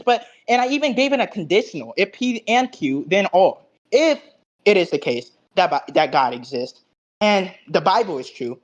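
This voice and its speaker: A man recapping an online debate, cocky and profane, lecturing in logic jargon with loud bursts and low mutters. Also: dull audio.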